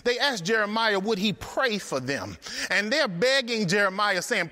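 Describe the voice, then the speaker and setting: A man's voice: high-pitched, expressive, normal speed, bright, forceful tone, big-room sound. A man preaching a sermon, emphatic and rhythmic, repeating phrases for effect.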